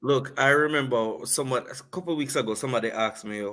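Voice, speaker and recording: A man with a Jamaican accent hosting a discussion panel, telling a story slowly and deliberately with patois. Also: mid-range voice, pushed and bright. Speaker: host.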